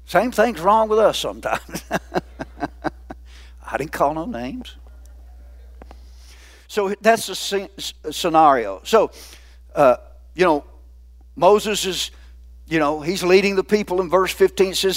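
A man's voice: sits high, lively intonation, measured pace, long pauses. A man preaching a sermon in a folksy, conversational way, often putting questions to the congregation. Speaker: pastor.

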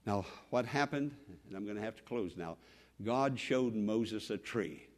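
A man's voice: on the low side, expressive, unhurried. A man preaching a sermon with dramatic, repetitive emphasis, acting out the voices of the people in his story.

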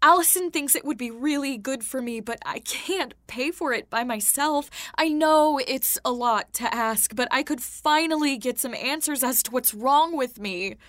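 A woman's voice: high-pitched, moderate pace, few pauses, fairly bright tone, no echo. An actress playing a frustrated young woman in her twenties who is troubled by recurring nightmares. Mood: worried. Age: young adult. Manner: frustrated, sarcastic, swearing.

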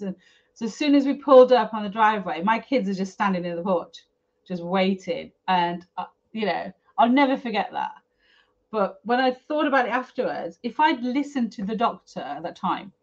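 Frank middle-aged woman telling her story. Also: medium pitch. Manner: frank, emotional, chatty with fillers. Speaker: guest, property developer. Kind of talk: candid personal storytelling. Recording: slightly dull lo-fi audio.

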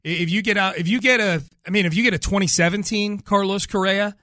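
Man, sports talk host, casual chat, deliberate stat reading, fairly high pitch, dry close sound. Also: steady tone, bright, forceful tone, no echo. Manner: reads stats slowly and deliberately, chatty.

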